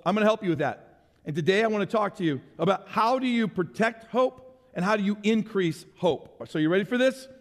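Male pastor, high voice, lively conversational sermon delivery in a reverberant church hall. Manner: animated, conversational preaching with sound effects and audience questions.

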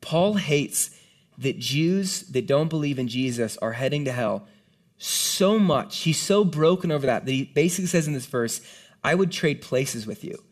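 Guy pastor preaching, chatty and earnest, voice sits a bit high, acts out the quotes. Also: expressive, moderate pace. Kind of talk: sermon.

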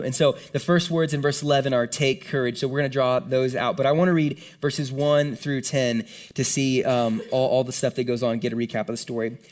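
A man preaching a casual sermon to a room full of people, talking in an animated, conversational way. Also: mid-range voice, fairly quick. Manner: conversational, animated, lots of "like" and "right?". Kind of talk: casual sermon to a live congregation. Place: room with a gathered audience.

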